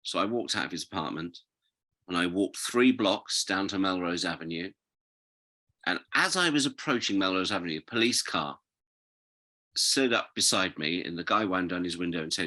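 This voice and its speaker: Rambling British man, bright voice. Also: low voice, moderate pace. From Britain. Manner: rambling, animated storyteller, goes off on tangents. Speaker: guest. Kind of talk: casual interview chat.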